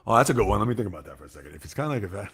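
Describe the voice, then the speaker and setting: A man hosting a sports livestream, chatting casually and animatedly with his viewers, reading their comments aloud and swinging between loud outbursts and quiet asides. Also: fairly low pitch, big pitch swings, rapid-fire, creaky, slightly rough. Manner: talks straight to chat, reads out viewer comments.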